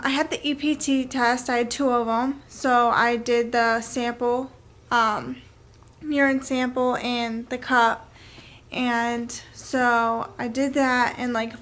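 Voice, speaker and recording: A woman's voice: fairly high pitch, a bit bright. A young woman telling a personal story to camera in a chatty, casual way, full of "like" and "um". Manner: chatty, filler-heavy with frequent "like" and "um". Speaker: vlogger.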